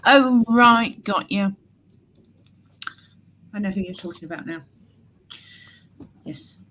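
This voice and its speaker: A woman's voice: medium pitch, slow pace, background noise. A woman in casual chat on a video call, trading teasing, laughing banter. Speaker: regular chat participant.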